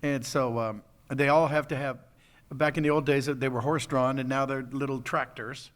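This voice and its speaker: A man's voice: mid-range voice, fairly even intonation, moderate pace. An older man, a voice actor guest at a convention panel, telling rambling stories and chuckling often.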